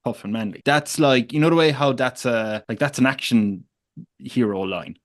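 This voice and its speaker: A man hosting a casual podcast chat, telling rambling stories with animated asides. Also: medium pitch, normal speed, no room sound, clean studio sound. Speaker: podcast host.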